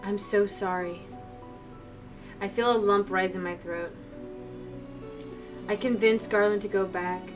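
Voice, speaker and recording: A woman's voice: medium pitch, steady tone, a little slow, pauses often. Emotional woman streamer reading a game. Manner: emotional, chatty asides to viewers. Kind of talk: reading a visual novel aloud with reactions. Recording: distant mic with background music.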